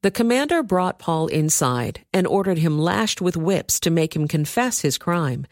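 Woman reader, lowish voice, dry close sound, steady scripture reading. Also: no echo. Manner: steady, measured storytelling.

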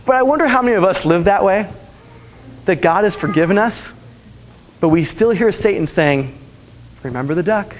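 A man's voice: sits high, expressive, moderate pace, pauses often, long reverb tail, a little hiss or hum. A man preaching a sermon, earnestly telling stories and repeating his key lines. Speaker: pastor.

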